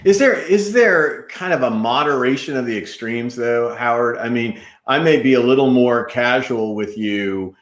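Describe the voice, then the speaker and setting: A man's voice: mid-range voice, normal speed, hardly any pauses. A male interview host who asks questions with enthusiasm, in a chatty style, often restarting his sentences. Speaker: podcast host. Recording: echoey room sound.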